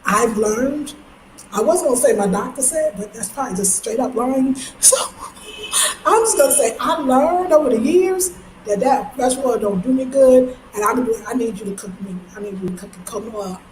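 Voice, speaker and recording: A middle-aged woman from Brooklyn, telling stories in a chatty, animated vlog and acting out the people she quotes. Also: on the high side, brisk. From Brooklyn, New York. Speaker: travel vlogger. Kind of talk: casual vlog monologue. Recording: roomy echo with faint background noise.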